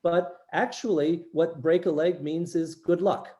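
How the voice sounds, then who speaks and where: A man's voice: fairly high pitch, fairly even intonation, a little slow, mellow. An older man with a US East Coast accent, explaining things to international students in an online workshop and often checking in with "right?". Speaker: workshop presenter.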